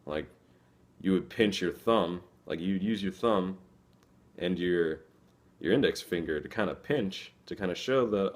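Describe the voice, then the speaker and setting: A man's voice: deep voice, moderate pace. A young man giving a casual, conversational explanation as a student presenter, acting out little quoted lines as he goes.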